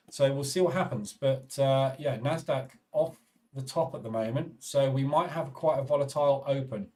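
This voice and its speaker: Male live trading stream host, casual running commentary, mid pitch, a little distant from the mic. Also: a little mellow. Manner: casual, thinking aloud, chatting to viewers.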